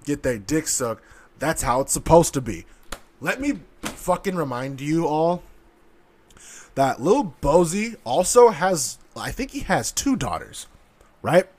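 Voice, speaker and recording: A man's voice: fairly high pitch, sing-song, slow. A man giving heated, profane ranting commentary in an aggressive, sarcastic manner. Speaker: online commentator.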